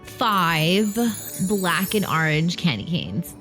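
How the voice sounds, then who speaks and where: A woman's voice: on the low side, sing-song, slow, fairly bright tone, soft background music. A woman co-hosting a podcast, chatting about films with playful, bossy teasing and plenty of enthusiasm. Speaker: podcast co-host. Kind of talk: casual film chat.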